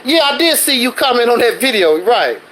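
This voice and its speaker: A man's voice: very high voice, very animated, a little fast, bright, forceful tone, slight background noise, low-quality recording. A man hosting a livestream, ranting defensively in a casual monologue full of rhetorical questions. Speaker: livestreaming channel host.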